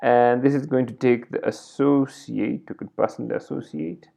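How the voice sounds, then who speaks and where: A man's voice: medium pitch, fairly even intonation, moderate pace, gravelly, warm tone. A man teaching a coding tutorial over a screen recording, thinking aloud as he types and correcting himself along the way. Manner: thinks aloud while typing, self-correcting. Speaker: programming tutor.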